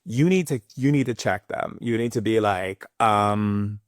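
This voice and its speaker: A man's voice: on the low side, unhurried, dry recording, clean studio sound. A man giving a live spiritual talk in a sassy, emphatic way, with playful asides. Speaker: spiritual teacher.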